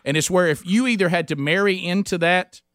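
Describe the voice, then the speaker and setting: A man's voice: high voice, fairly quick, a bit bright, dry recording, clean studio sound. A man hosting a radio talk show, chatting casually and telling stories jovially. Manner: jovial storyteller. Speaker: radio host.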